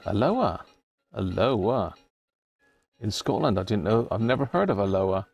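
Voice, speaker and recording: A British man with a gravelly, husky voice hosts a relaxed live stream. He chats in a loose, joking way and reads out bits of text along the way. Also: on the low side, a little fast, dull audio. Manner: chatty and jokey, reading labels aloud. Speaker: radio repair live-stream host. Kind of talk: casual live-stream chat.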